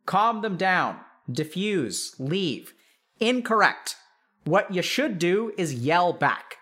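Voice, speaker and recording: A man who works as a psychiatrist, talking casually to a live chat audience in an animated way, with lots of "like" fillers, and calling his listeners y'all. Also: high-pitched.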